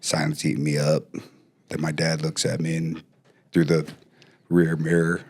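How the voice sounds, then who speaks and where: A man talking as a podcast guest, telling stories casually with lively bursts and frequent restarts. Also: rumbling low, normal speed, husky. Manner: animated, trails off and restarts often. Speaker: podcast guest, former pro football player. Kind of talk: casual storytelling.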